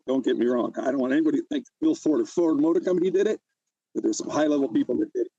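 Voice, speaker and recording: A man's voice: fairly high pitch, very fast, dark tone, dry recording, dull audio. An older man telling his own story in an emotional interview, agitated and often repeating himself. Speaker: interview guest.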